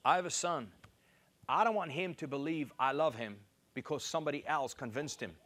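A man's voice: moderate pace, a bit bright. A man preaching a sermon, reading scripture and repeating key phrases for emphasis. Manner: emphatic, repeats key phrases, rises in pitch to stress points.

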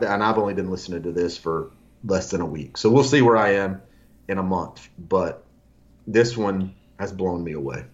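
A man with a low voice co-hosts a casual music podcast. He rambles and restarts his sentences as he recommends records. The audio is dull and lo-fi. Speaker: podcast co-host.

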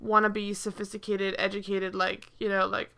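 Chatty woman with a bright voice. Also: mid-range voice, monotone, moderate pace, vocal fry. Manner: rambling, heavy use of "like", frequent restarts. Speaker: podcast co-host. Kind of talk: casual chat reviewing a TV episode.

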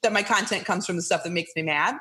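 A middle-aged woman chatting as a podcast guest, lively and playfully acting out the voices of people she quotes. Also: on the low side, quick pace. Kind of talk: casual interview chat.

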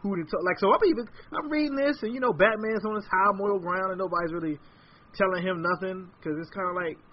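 A man hosting a podcast, chatting casually in an animated, slangy way. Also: high voice, fast. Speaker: podcast host. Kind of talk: casual chat. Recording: dull lo-fi audio.

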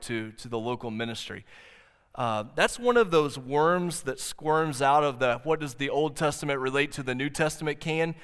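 A man preaching a sermon as pastor, earnest, slowing down to stress key points. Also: mid-range voice, a bit bright. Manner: earnest preaching, slows for emphasis. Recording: long hall reverb.

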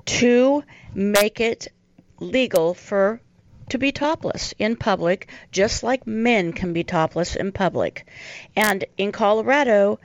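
A woman's voice: medium pitch, low-quality recording. A woman co-hosting a radio talk show in a studio, dry and teasing in manner. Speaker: radio co-host.

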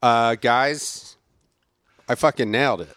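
A man's voice: medium pitch, slow pace, dry recording, clean studio sound. A man joking playfully in casual comedy banter in an apartment. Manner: playful, mock-excited.

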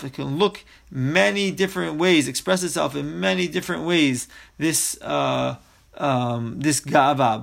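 A man's voice: a little high, vocal fry, fairly bright tone. A man teaching a Torah text study class, reading Hebrew phrases aloud and then explaining each one in English.

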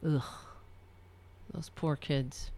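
A woman commenting on a video, sarcastic and swinging from loud rants to low muttering. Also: fairly even intonation, very slow, vocal fry. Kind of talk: casual reaction commentary.

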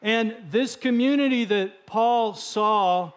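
High-voiced Texan man preaching. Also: slow pace. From Texas. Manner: joking, conversational preaching. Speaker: guest speaker. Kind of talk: sermon. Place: church sanctuary.

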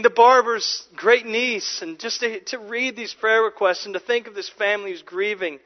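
A pastor with a high voice preaches to his church, rising to loud urgency and then dropping to a near hush, repeating words as he builds. The recording is dull and lo-fi. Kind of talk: sermon.

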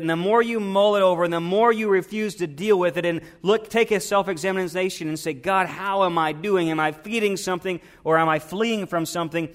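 A man preaching a sermon, swinging from hushed, earnest asides to emphatic, building lines. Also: sits high. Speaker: pastor.

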